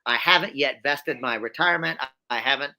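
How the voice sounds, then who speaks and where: A man, a guest in a conversational interview, telling his story in an animated, emphatic way with frequent restarts and repeated phrases. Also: mid-range voice, brisk, creaky.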